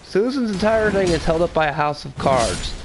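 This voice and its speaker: Blunt, excitable man on a podcast. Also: fairly high pitch, normal speed, background noise. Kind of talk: casual podcast chat.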